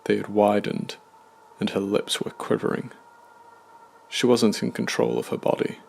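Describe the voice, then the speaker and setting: Gravelly deep-voiced horror narrator. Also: male voice, flat delivery, a little slow, darkish tone, a little hiss or hum. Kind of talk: scripted horror story narration.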